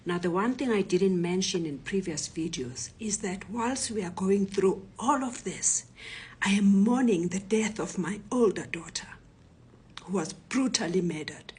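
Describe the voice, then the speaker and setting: A woman in her sixties with a South African accent, a retired professor telling her own story in a hushed, often whispery voice. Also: mid-range voice, unhurried, slightly rough. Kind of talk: personal testimony.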